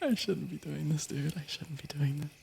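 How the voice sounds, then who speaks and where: A man's voice: fairly high pitch, normal speed, vocal fry, darkish tone, slight background noise. A young man whispering through an ASMR stream, giggling and cutting himself off as he chats and reads stories aloud. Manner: giggly, playful, keeps interrupting himself.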